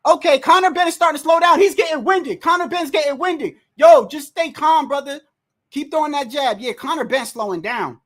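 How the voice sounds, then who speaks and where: A livestream host giving casual, excitable fight commentary from home, full of slang, cursing and restarts. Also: high voice, fairly quick. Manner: excitable, loud outbursts, frequent slang and cursing; rambling restarts and repeated words. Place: indoors at home, wind and street heard outside.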